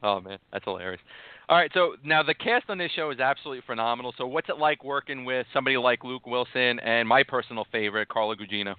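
Quick, smooth-voiced male radio host, dry close sound with a narrow phone-like band. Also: mid-range voice, no room sound. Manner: upbeat, says "man" often. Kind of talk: radio interview.

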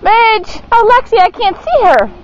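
A woman with a very high voice that swoops up and down, cooing slowly at her dogs as she films them in the snow. The home video sound is dull and muffled, with heavy outdoor noise behind her. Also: expressive. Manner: sing-song coaxing talk to dogs. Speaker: dog owner filming her pets. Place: snowy yard outdoors.

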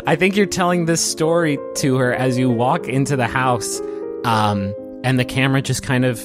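Soft-spoken male game master narrating. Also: medium pitch. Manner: soft, emotional storytelling with restarts.

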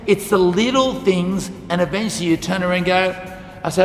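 A man's voice: high voice, brisk. A man teaching a lesson to school students, telling a story and acting out the dialogue. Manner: animated, acts out quoted dialogue. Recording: echoey hall with faint music.

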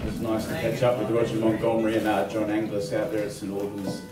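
An Australian man performing a comic bush poem live in a hall, theatrical and lively, with chuckling asides. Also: fairly low pitch, quick pace. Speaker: folk club performer. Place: large hall, live concert. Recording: echoey hall, from far off, music.

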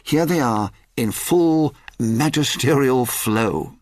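A man's voice: mid-range voice, animated, slow, no echo, clean studio sound. A man presenting scripted links in a tribute programme, in a polished way.

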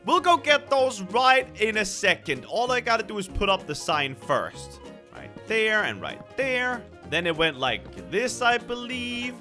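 A young man narrates his gameplay in a dramatic, excitable way. His voice is high and bright, swinging widely in pitch. Faint music plays underneath. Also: measured pace. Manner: excitable, dramatic, shrieks at scares. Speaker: gaming video host. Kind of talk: gameplay commentary.

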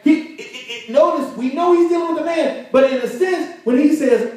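Speaking at a normal pace in a very high, slightly mellow voice, a male pastor gives a conversational sermon full of laughter and congregational call-and-response. The church sanctuary sounds very echoey, and the mic sits far away.

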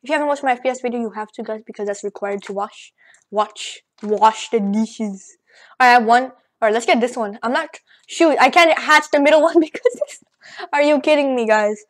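A woman rambling excitedly through casual gameplay commentary, out of breath and joking as she goes. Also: high-pitched, a little fast. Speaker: gaming channel host. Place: at home at a computer.

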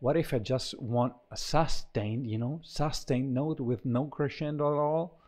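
A man walks through a choir sample library, talking casually and haltingly with many fillers and restarts. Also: medium pitch, a little mellow. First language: Italian. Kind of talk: casual software walkthrough.

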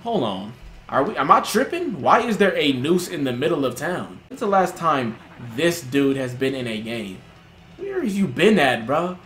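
A young man doing casual, joking let's-play commentary, reacting loudly with slang and laughter. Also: fairly high pitch, sing-song, normal speed, a little hiss or hum. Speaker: gaming streamer. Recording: roomy with music in background.

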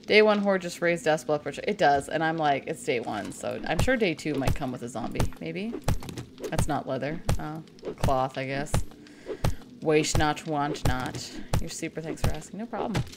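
A woman's voice: low-pitched, animated, moderate pace, loud music behind the voice. A woman from Canada chatting casually and making crude jokes while playing a game on a live stream.

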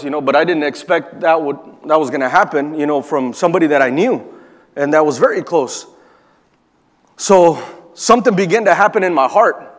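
A man's voice: on the high side, fairly bright tone. A male pastor preaching a sermon, moving from telling a personal story to emphatic preaching. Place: church hall. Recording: long reverb of a church hall.

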